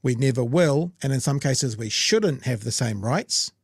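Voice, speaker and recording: Dry-sounding New host, emphatic. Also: male voice, medium pitch, expressive, unhurried, slightly rough, dry recording. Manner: conversational, emphatic. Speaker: podcast host. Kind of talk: casual chat.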